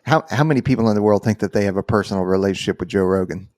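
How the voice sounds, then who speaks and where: A man with a low voice asks questions and teases the others in a loose podcast chat. The sound is dry and close to the mic. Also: racing, a little mellow, dry recording. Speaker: podcast co-host.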